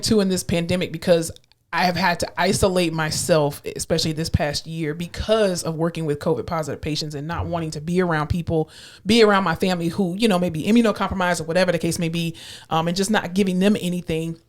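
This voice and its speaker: A woman ICU nurse co-hosting a podcast in casual chat, animated, acting out quoted voices with big pitch jumps. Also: fast. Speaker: podcast co-host.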